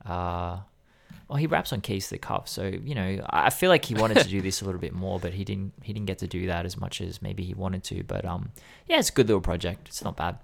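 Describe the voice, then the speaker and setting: A man talks through an album in a loose, rambling way, full of fillers and self-corrections. His voice sits low and steady in casual conversation. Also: fairly quick, vocal fry. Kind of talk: casual music discussion.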